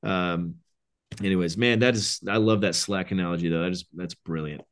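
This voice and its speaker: Man, podcast guest, men's coach, low voice, animated storyteller. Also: normal speed. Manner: animated storyteller, quoting others, excited. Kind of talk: casual interview chat.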